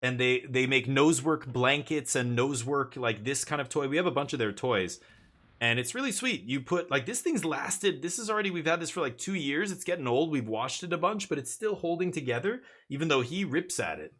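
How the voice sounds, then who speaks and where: A man's voice: mid-range voice, expressive, fairly quick, a bit bright. A man chatting casually as he streams a card game, rambling with jokey asides. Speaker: live streamer. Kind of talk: casual gameplay commentary.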